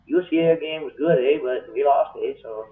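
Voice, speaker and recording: A man's voice: fairly high pitch, brisk, natural voice. Man doing a jokey mock-Canadian sign-off. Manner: tags every sentence with "eh". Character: joking Canadian man signing off. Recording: distant tinny webcam mic.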